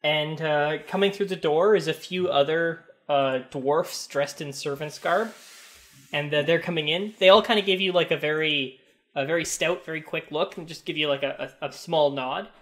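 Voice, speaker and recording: A man narrating a tabletop role-playing game as game master, describing scenes in a halting way with many fillers. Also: fairly high pitch, a bit bright.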